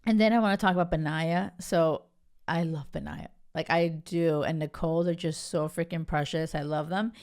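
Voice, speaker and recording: A woman's voice: sits low, steady tone, normal speed, a little mellow, smooth. A young woman hosting a podcast, chatting casually and gushing, full of "like" and "you guys". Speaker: podcast host. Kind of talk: casual chat reviewing a reality show.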